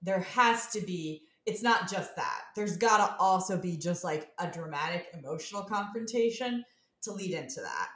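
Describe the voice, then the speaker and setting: A woman with a lower voice talks earnestly through her ideas in a casual fan discussion. Her voice rings with a noticeable room echo. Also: expressive, normal speed, a bit bright. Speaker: podcast co-host. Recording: roomy echo.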